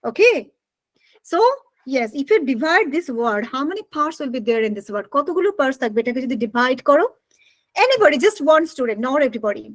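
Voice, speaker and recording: Fast-talking high-voiced Bengali-accented woman teacher. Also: big pitch swings. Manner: mixes English and Bengali, asks students questions. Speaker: spoken English teacher. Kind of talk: online class lecture.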